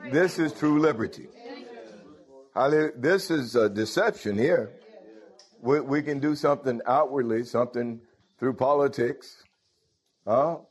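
A man's mid-range voice carries a sermon at a measured pace, broken by long pauses. He puts questions straight to his congregation, breaking in with "Hallelujah" and "Thank you, Lord."

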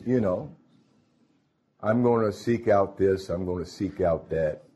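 A man's voice: low voice, measured pace, warm tone, slightly rough. A man preaching a sermon, calling out to his congregation. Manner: folksy, calls out to the congregation.

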